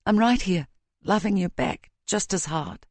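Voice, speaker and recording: A woman narrator playing a tender, resolute young woman in an audiobook, softly tearful but firm. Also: mid-range voice, a little slow, dry recording, lightly acted. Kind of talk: audiobook character voice.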